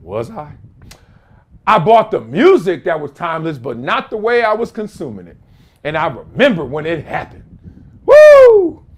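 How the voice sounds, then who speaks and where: A man in his fifties hosting his own show from a room at home, telling stories in a casual, slangy way that bursts into shouts and laughter. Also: sits high, wildly swooping pitch, moderate pace. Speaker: show host. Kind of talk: casual storytelling monologue.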